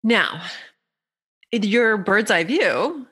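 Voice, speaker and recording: A woman guesting on a podcast, explaining human design with lively, playful examples. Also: mid-range voice, drawn-out words, breathy edge. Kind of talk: podcast conversation.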